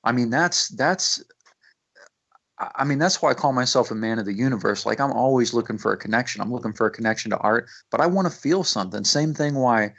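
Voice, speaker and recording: A rapper guesting on a casual radio interview talks intensely and fast, his mid-range voice expressive and a bit bright. He swears freely and keeps restarting sentences, and the studio audio sounds muffled and lo-fi.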